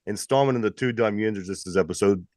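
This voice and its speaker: A man's voice: fairly low pitch, fast talker, no room sound, studio quality. A man with a Pittsburgh accent co-hosting a casual sports podcast, recovering from illness and repeating words as he talks. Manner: animated, repeats words while talking. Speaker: podcast co-host.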